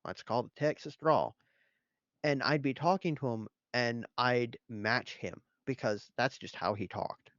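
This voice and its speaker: A man's voice: mid-range voice, unhurried, a bit bright, no room sound, muffled recording. A man co-hosting a whiskey show, telling stories in casual, easygoing chat. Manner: storytelling, easygoing. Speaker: whiskey show co-host and dungeon master.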